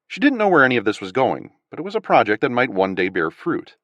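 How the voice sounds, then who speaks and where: A male audiobook narrator reading with lively, animated pitch and a middle-range voice. The sound is dry and close, recorded on a studio mic with no room echo. His delivery is expressive and scripted. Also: fast, dull audio.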